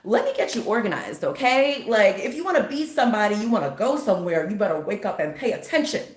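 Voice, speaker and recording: A woman putting on the voice of a bossy, upbeat choir director rallying her students, brisk and coaxing. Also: medium pitch, very animated, reverberant, lightly acted. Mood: coaching.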